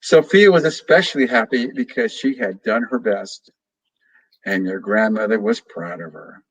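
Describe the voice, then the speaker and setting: A man's voice: medium pitch, low-quality recording. A man, a children's author, reading a storybook aloud expressively to children. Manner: slow, expressive, addresses children. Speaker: guest reader, children's author.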